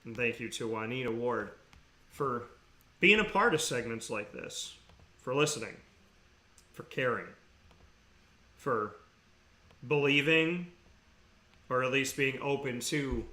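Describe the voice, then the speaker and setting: A man hosting a talk show segment, telling stories with excitement and sincere, earnest thanks. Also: mid-range voice, takes it slowly, long pauses. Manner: excitable, laughing storyteller, then quiet and earnest. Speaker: radio show host.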